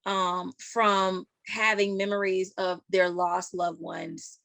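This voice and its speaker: A woman's voice: mid-range voice, little pitch movement, takes it slowly, gravelly, no room sound. A woman hosting a casual interview, asking questions and affirming often. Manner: warm affirming, lots of yeahs. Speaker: interview host.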